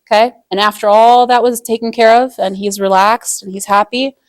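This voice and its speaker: A woman's voice: fairly high pitch, steady tone, moderate pace, dry recording, clean studio sound. A woman giving a casual religious lesson on marriage in a chatty way, full of "like", acting out quoted voices as she tells stories. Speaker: Islamic marriage teacher.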